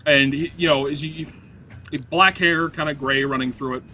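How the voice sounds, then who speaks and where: A man's voice: a little high, steady tone, moderate pace, sharp tone, slight background noise. A man narrating a tabletop game as game master, describing scenes in a rambling, hesitant way with many fillers.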